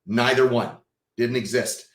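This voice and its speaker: A man, a podcast guest, telling a personal story with emotion and acting out the dialogue, swinging from hushed to loud. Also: mid-range voice, fairly even intonation, a little slow, roomy sound. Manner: vivid storyteller who acts out quoted dialogue.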